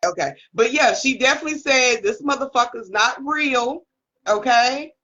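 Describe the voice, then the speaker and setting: Woman co-host, bright lively voice, kinda muffled lo-fi sound, says okay a lot. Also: high-pitched, normal speed. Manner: laughs a lot, keeps asking "okay?". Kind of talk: casual commentary chat.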